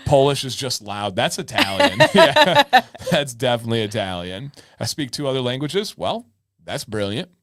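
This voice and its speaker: Over a noisy background, a young podcast co-host speaks at normal speed in a mid-range voice that swings hugely in pitch. He co-hosts a live-stream chat show, cracking self-deprecating jokes and reading viewers' chat comments aloud.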